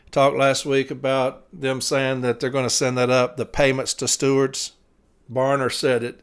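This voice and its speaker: A man's voice: mid-range voice, fairly bright tone. A tired man hosts his own show, talking bluntly and with plenty of profanity. He lays out his grievances in a casual, fired-up monologue. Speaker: podcast host, city letter carrier.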